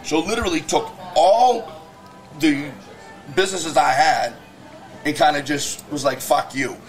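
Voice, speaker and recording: A man's voice: fairly high pitch, animated, soft background music. A man, a guest on a podcast, ranting heatedly and cursing as he tells stories in casual conversation. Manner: heated, profane storytelling rant; quick, emphatic talk. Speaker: guest, business owner.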